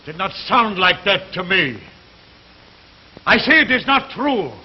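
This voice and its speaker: An actor playing a proud older immigrant foreman who speaks stiffly, husky, in 1940s radio acting on a dull old recording. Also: high-pitched, sing-song, slow pace, exaggerated voice. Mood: indignant. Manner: formal, stiff.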